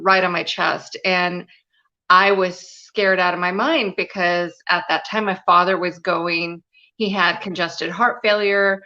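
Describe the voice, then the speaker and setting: In a lo-fi recording, a woman's lowish voice comes across pushed and bright. Appearing as a guest on a live interview, this spiritual and business mentor opens up about her own life in an earnest, confiding way, leaning often on "you know."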